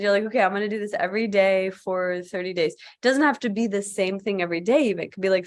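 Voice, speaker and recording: A woman yoga teacher hosting a casual live-stream chat, talking in a loose, chatty way with lots of filler "like", heard over a video call. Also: medium pitch.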